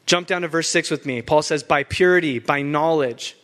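Man, young adult, pastor, emphatic sermon delivery, slightly high voice. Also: normal speed, a bit bright. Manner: fired-up, emphatic, laughs between points.

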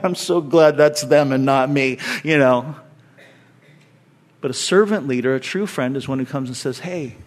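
A man preaching a conversational sermon as a pastor, earnest and acting out the voices he quotes. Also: a little high.

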